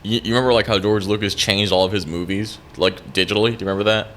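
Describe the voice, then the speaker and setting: Casual male podcast co-host, deep-ish voice, talks fast, swears often. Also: fairly even intonation, fairly bright tone, a little hiss or hum. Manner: rambling, swears a lot, quick talker. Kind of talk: casual chat.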